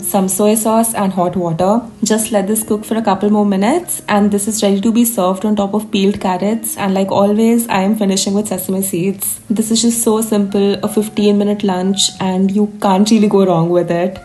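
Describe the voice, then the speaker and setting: A woman's voice: mid-range voice, dark tone. A young woman narrating a food vlog in a playful, sing-song way. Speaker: food vlogger. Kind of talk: casual voice-over narration.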